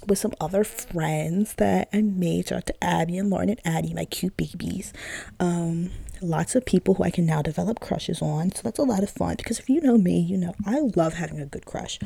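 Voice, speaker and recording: A woman's voice: fairly low pitch, creaky, warm tone, breathy edge. A young woman hosting a podcast, telling a story in a chatty, slangy way full of fillers and laughing at herself. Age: young adult. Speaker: podcast host. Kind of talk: casual storytelling monologue.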